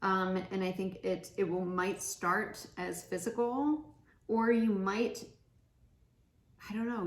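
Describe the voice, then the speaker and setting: A woman's voice: mid-range voice, measured pace. A woman giving a casual pick-a-card tarot reading, chatty and giggly, laughing often. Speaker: tarot reader. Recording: echoey room with faint noise.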